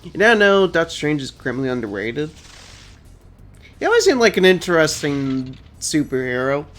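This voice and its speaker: A man's voice: fairly high pitch, sing-song, moderate pace, a bit bright. A young man streaming a game, chatting casually and rambling as he answers chat. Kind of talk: casual let's-play commentary.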